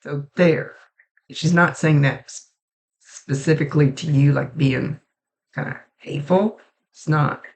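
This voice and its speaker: A woman psychic medium talks through a reading in a casual, halting way, often breaking off and restarting her sentences. Her voice has a gravelly, creaky edge. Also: low-pitched. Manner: halting, restarts sentences, relays messages in a soft conversational way.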